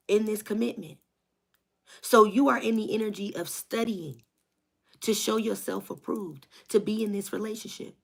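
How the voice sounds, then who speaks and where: A woman's voice: medium pitch, measured pace, vocal fry, darkish tone. A woman doing a spiritual tarot reading for her viewers, preaching with rhythmic repetition and a hyped, encouraging manner. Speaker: tarot reader.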